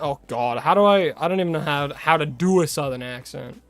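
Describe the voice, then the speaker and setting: A man's voice: fairly high pitch, moderate pace, no room sound, faint music behind. Chatty Australian man streaming, dry close sound. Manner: chatty, greets viewers warmly, rambling asides. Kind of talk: casual live-stream chat.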